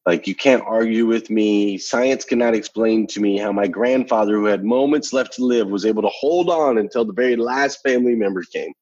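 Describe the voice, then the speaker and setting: A man's voice: lowish voice, moderate pace, few pauses, darkish tone, husky, no room sound, highs cut off. A man telling a personal story in conversation, earnest and emphatic, repeating phrases for effect. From United States. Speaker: interview guest.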